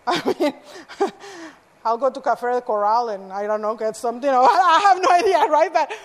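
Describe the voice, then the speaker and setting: A woman's voice: high voice, expressive, normal speed. A woman preacher telling a personal story in a sermon, earnest, with self-deprecating asides. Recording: echoey hall reverb.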